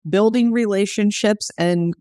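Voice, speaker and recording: A woman's voice: mid-range voice, a little slow, dark tone, no room sound, clean studio sound. A woman hosting an interview, asking questions and reflecting thoughtfully, sometimes searching for words. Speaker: podcast host.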